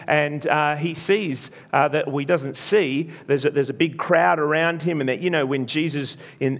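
An earnest male preacher retelling a story in a sermon, with a fairly high voice. He talks in short repeated phrases, often restarting mid-line as he drives the point home. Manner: earnest, repetitive, frequent restarts.

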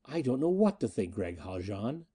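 A man's voice: medium pitch, big pitch swings, moderate pace, dark tone, slightly rough. A man voicing a proud, jealous Martian woman in an audiobook reading. She speaks in a stern, scornful and intense way.

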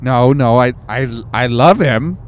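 A man with a New Zealand accent hosting a podcast, bantering casually and haltingly with many fillers. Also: mid-range voice, slight background noise. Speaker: podcast host.

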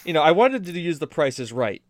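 A man's voice: a little high, big pitch swings, a little fast, no room sound. Rambling male stream host. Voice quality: rambling, chatty, self-correcting. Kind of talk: casual podcast chat.

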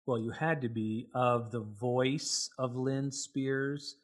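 A man hosting an interview, asking questions quickly with small stumbles and repeats. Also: mid-range voice, fairly even intonation. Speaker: interview host.

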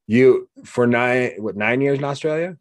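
A middle-pitched American man swaps travel stories in loose, easy chat, hamming up the voices of people he quotes. His voice is recorded close and dry. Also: normal speed, no echo. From United States. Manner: jokey storyteller, acts out quoted voices. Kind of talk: casual conversation.

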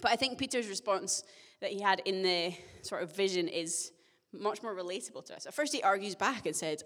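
A young woman giving a sermon to her church, telling a personal story in a chatty, self-deprecating way with gentle humor. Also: medium pitch, brisk. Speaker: church speaker. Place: church hall. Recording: long church-hall reverb.

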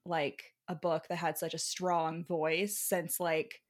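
Young woman, kinda low voice, rambly casual book chat, tons of "like". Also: little pitch movement, slow pace. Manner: rambling, filler-heavy, "like" in most lines. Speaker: book podcast co-host.

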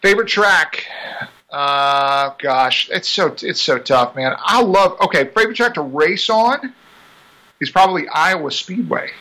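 A man, a racing driver talking casually in an interview, chatty and quick to laugh. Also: a little high, low-quality recording. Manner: chatty, laughs often, animated asides.

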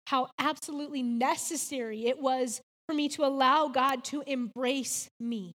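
A woman's voice: high-pitched, in a large hall. A woman in her thirties giving a faith devotional talk, telling a personal story in an earnest, heartfelt way with lots of "like"s. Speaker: devotional speaker.

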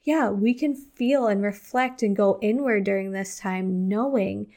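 A young woman hosting her own podcast, talking candidly and chattily, now and then acting out her own outbursts in a higher voice. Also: a little slow, dark tone. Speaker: podcast host. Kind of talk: casual solo podcast talk.

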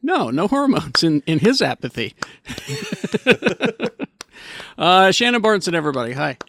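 A man's voice: high-pitched, huge pitch swings, measured pace, fairly bright tone, dry recording, clean studio sound. A man hosting a casual podcast chat, joking and laughing easily with his co-hosts. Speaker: radio host.

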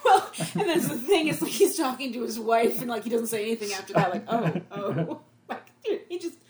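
A woman's voice: a little high, brisk, darkish tone, echoey room. A woman co-hosting a casual movie commentary. She is giggly and laughs often. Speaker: podcast co-host.

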